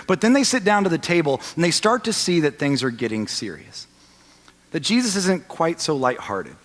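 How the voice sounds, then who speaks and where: A man's voice: a little high, very animated, fairly quick. Man preaching in a reverberant hall. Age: 30s. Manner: storytelling, swinging from loud to hushed. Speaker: pastor. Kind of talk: sermon. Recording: long reverb of a large hall.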